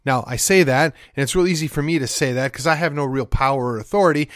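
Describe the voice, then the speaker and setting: A man's voice: mid-range voice, fast, a bit bright, no room sound, clean studio sound. A man from Wisconsin hosting his own podcast, delivering an opinionated political monologue in a folksy, emphatic, sardonic way. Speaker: podcast host.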